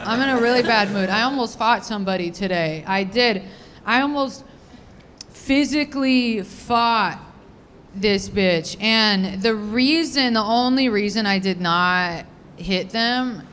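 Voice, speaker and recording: A woman in her thirties works a comedy club stage with a deadpan, rambling delivery full of crude self-mockery. Her voice sits at an everyday middle pitch. A steady low rumble runs under the live recording. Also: measured pace. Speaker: stand-up comedian. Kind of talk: stand-up comedy set.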